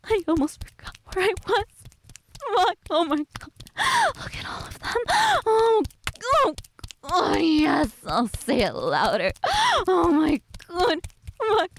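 A woman's voice: big pitch swings, slow, vocal fry, a little hiss or hum. Breathless, moaning woman in adult audio role-play. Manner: moaning, breathless, shifts from low purr to high cries. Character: married older woman, lustful and brazen.

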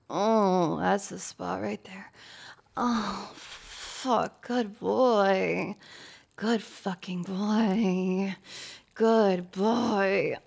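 Casting: woman voicing a bossy, mocking young lady boss; slow, drawn-out delivery with a heavy gravelly fry. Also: mid-range voice, full character voice. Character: domineering, teasing young woman company boss. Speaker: audio role-play performer. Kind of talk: intimate audio role-play.

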